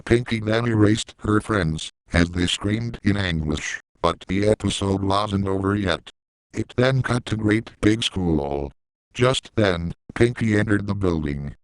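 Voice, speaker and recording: A man's voice: fairly low pitch, a little slow, smooth, dry recording, low-quality recording. A man reading a fan story aloud in a plain way, adding his own side comments. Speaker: story reader.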